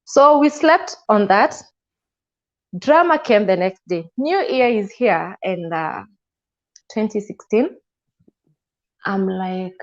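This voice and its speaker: Woman, lowish voice, telling her story w lots of "and i'm like", kinda muffled recording. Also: measured pace. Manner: animated retelling with frequent "and I'm like" asides. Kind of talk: personal storytelling interview. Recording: slightly muffled, dull sound.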